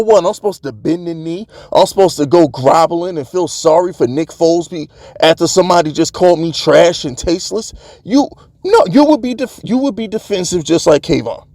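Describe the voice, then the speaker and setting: A man's voice: high voice, a little mellow, dry recording. A man hosting his own sports channel, delivering a heated, fired-up commentary rant in streetwise slang.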